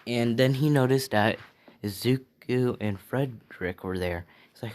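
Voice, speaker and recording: Rambling low-voiced young man. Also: unhurried, darkish tone. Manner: rambling, casual, full of fillers and restarts. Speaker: channel host telling a fan story. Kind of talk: improvised story narration.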